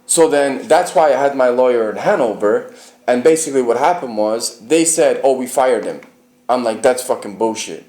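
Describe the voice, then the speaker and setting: A man's voice: mid-range voice, moderate pace, mellow, reverberant. A man from the United Kingdom telling his personal story in an interview, emphatic and profane, often asking the listener whether he is right.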